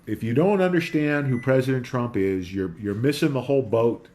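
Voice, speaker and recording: A man's voice: mid-range voice, normal speed, darkish tone. A man hosting a casual talk show from home, rambling in a conspiratorial monologue with a dog nearby.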